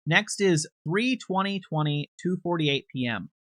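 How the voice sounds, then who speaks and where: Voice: mid-range voice, expressive, measured pace, fairly bright tone, no room sound, studio quality. A commentator casually recapping video footage in a conversational, hedging way, with frequent restarts and unsure asides.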